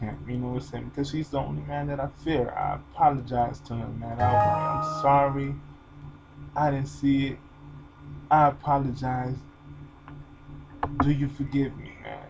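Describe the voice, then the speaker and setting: A man's voice: medium pitch, gravelly, a little mellow, slight background noise, low-quality recording. A man talking to his channel in an emotional, informal, rambling way, full of fillers. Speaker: vlogger. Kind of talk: personal video monologue.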